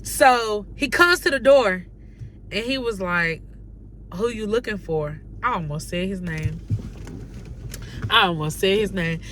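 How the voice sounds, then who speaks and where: A young woman from North Carolina telling a casual storytime on her vlog, animated and slangy, acting out the dialogue she quotes. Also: mid-range voice, unhurried, long pauses, slight background noise. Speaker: vlogger.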